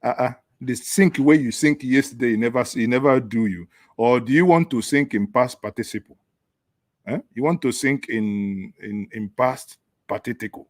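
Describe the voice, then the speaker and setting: A man's voice: mid-range voice, moderate pace, no room sound. A man with a Nigerian accent hosting a call-in show, mocking the news with sarcastic jokes. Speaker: host taking callers. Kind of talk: satirical call-in chat.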